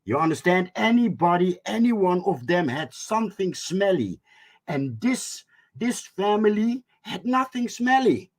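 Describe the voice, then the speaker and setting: A man hosting a talk radio show, speaking in a halting, emphatic way with frequent restarts. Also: high voice, big pitch swings. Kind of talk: casual talk radio monologue.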